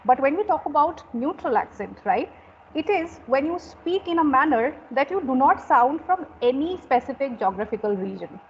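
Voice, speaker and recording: A woman's voice: high-pitched, expressive, moderate pace, lo-fi sound, slight background noise. A woman from India hosting an interview as a communication coach, encouraging and full of affirmations. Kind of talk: conversational interview.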